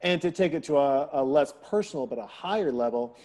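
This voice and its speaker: Speaking briskly in a slightly high voice, a middle-aged man relates family stories in a casual podcast talk. He's lively about it, voicing the people he quotes, including his daughter.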